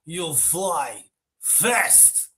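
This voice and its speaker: A man reading a shy young man who is pining for a girl, in a put-on Russian accent and a slow, halting delivery. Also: a little high, very animated, bright, forceful tone, heavily acted. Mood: hinting.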